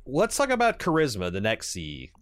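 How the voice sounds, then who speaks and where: A man's voice: medium pitch, huge pitch swings, normal speed, clean tone, no echo, clean studio sound. A man co-hosting a podcast, rambling and restarting his sentences in casual chat. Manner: rambling, hesitant, many fillers and restarts. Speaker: podcast co-host.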